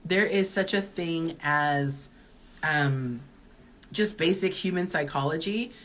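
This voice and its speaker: A woman's voice: low-pitched, slow pace, fairly bright tone. A woman in her early forties, a dating coach, giving candid advice in a chatty live-stream Q&A while reading viewer comments aloud. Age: early 40s.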